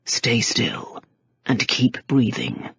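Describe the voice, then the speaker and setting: A woman voicing a stern, commanding male earl, speaking low and curt. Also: lively intonation, drawn-out words, fairly bright tone, slightly rough, no echo, highs cut off, exaggerated voice. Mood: steady.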